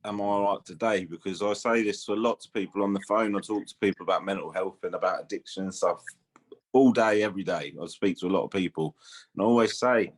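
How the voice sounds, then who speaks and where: A man hosts a podcast over a video call, his voice sitting on the low side. He answers his guest in an encouraging, reflective way. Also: fast. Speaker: podcast host.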